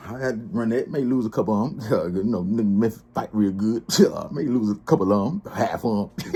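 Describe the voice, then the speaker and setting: A man hosts a casual livestream, trash-talking and laughing often. His voice is low and dark with a husky edge. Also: fast talker. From Charlotte, US. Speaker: blogger and livestream host.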